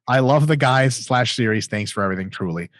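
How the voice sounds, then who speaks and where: A man's voice: medium pitch, fairly quick, no echo. A man in his thirties co-hosting a casual question-and-answer chat, joking and swearing freely. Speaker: co-host answering viewer questions.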